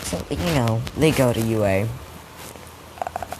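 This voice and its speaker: A man's voice: mid-range voice, measured pace. Rambling young man, noisy recording. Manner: rambling, profane, lots of restarts. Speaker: storyteller. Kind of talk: improvised fan-fiction storytelling. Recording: steady background noise.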